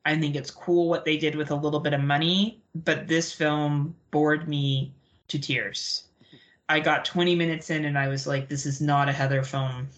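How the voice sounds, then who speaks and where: A young adult woman co-hosting a podcast in casual chat, blunt, profane and animated as she rants. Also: deep voice, normal speed. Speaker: podcast co-host.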